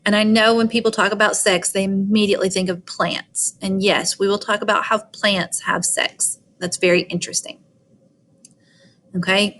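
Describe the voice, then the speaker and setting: A woman's voice: mid-range voice, a bit bright. A woman with a Southern US accent giving a recorded biology lecture. She explains step by step in a chatty way and often checks in with "all right" and "okay.". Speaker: teacher.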